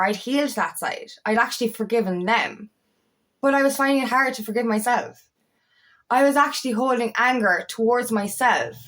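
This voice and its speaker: With a fairly high, slightly bright voice, this woman talks as an empowerment coach in a frank personal monologue. She's emphatic, curses frequently, and now and then gets loud.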